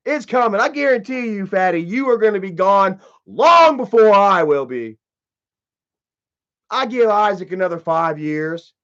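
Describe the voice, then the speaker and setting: Male live streamer, high voice, aggressive profane rant, muffled low-fi stream audio. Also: lively intonation, measured pace, a bit bright.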